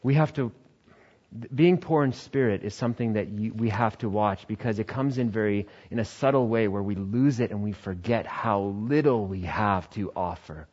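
A man in the pastor role preaching a sermon in an animated way, sometimes acting out other voices. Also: moderate pace, husky, lo-fi sound. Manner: animated, acts out quoted voices with high shouts and laughs.

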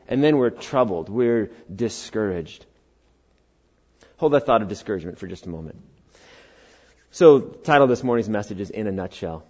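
A middle-aged man delivers a sermon to a church congregation, keeping the tone conversational and teasing as he trades remarks with his listeners. He slips into little character voices for the people he quotes, and his pitch sits in the ordinary middle range for a man. The recording sounds a bit muffled and dull. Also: big pitch swings, a little fast, warm tone. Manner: conversational and playful, bantering with the congregation. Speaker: pastor.

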